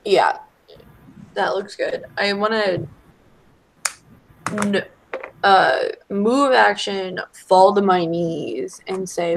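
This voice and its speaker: A woman playing a tabletop game, asking quick checking questions. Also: mid-range voice, gravelly, poor audio. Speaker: player. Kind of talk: tabletop role-play.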